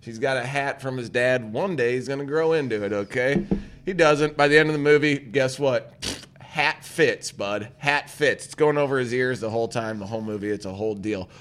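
A man's voice: medium pitch, moderate pace, a bit bright. A man hosting a podcast, retelling a cartoon plot in a rambling, profane way. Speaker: podcast host. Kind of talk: casual chat.

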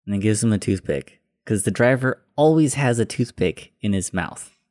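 A man co-hosting a casual movie podcast, relaxed and chuckling as he retells scenes. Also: on the low side, normal speed, dry recording, clean studio sound. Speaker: podcast co-host.

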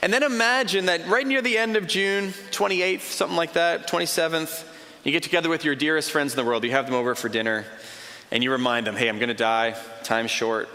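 A man's voice: fairly high pitch, fairly even intonation, fast talker, pushed and bright. A man preaching a sermon in a conversational way, building his points with repeated short phrases. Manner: conversational, plays out imagined dialogue. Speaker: pastor. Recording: long reverb of a large hall.

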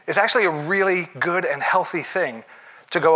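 A man preaching a sermon as a pastor, talking it through conversationally with rhetorical questions and quick restarts. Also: high voice, bright, forceful tone.

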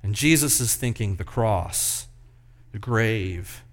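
A man's voice: on the low side, lively intonation. Man preaching with dramatic swings. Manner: dramatic, swings from loud emphasis to hushed slow delivery. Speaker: pastor. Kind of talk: sermon.

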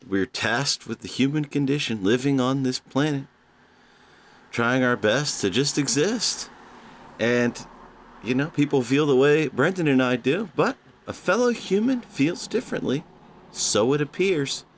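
A man hosting a casual comedic podcast, talking to listeners in an animated, playful way with drawn-out emphasis. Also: medium pitch, slight background noise. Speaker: podcast host.

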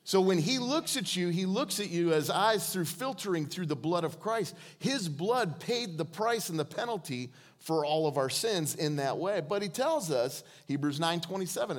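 A man preaching a sermon as guest preacher in a church, joking and calling on the congregation to answer him. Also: a little high. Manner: joking, calls on the congregation to respond.

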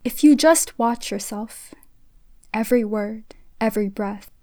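A woman reading a literary short story aloud in a soft, hushed voice that sometimes drops to a whisper. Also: fairly high pitch, unhurried, dry recording. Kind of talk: literary reading in second person.

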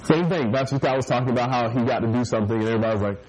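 A man's voice: medium pitch, very fast, a crowd in the background, poor audio. A man preaching a casual, joking sermon to a youth group, often mimicking people and laughing along with his listeners. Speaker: youth pastor.

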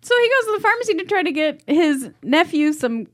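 A woman co-hosting a casual chat about a show, blunt and swearing freely in a lively retelling. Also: extremely high pitch, a little fast. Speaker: podcast co-host.

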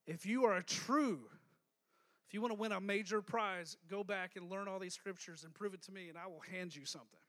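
High-voiced pastor preaching with lively energy. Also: male voice, brisk. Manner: lively, joking, calls on the congregation to respond. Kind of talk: sermon.

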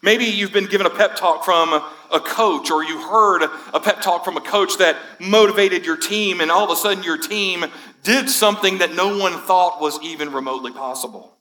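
In a church sanctuary, a male pastor delivers a conversational sermon that builds to emphatic lines, quoting movie speeches with rising emphasis. His voice sits on the high side, pushed and bright, at a normal speed, captured in a low-quality recording.

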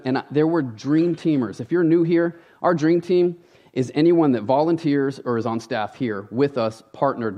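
A pastor with a mellow, medium-pitched voice preaches from a church stage. His sermon is conversational and emphatic, and he often appeals straight to the congregation.

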